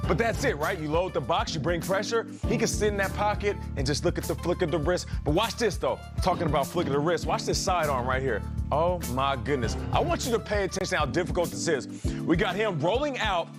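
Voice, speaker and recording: Excited man breaking down game film. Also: sits high, fairly quick, over music. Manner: excited, emphatic, coaching the viewer. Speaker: co-host, football analyst. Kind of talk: animated film breakdown on a morning show.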